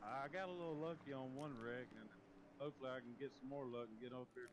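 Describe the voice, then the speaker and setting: This is a male race driver answering a quick check-in during a race, at a mid pitch for a man. His replies are short, polite and matter-of-fact. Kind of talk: brief radio check-in.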